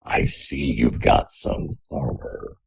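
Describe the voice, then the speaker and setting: A deep gravelly robot orb voice. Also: male voice, slow, no echo, full character voice, low-quality recording. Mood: hesitant. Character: Watcher speaking through a hovering robot orb.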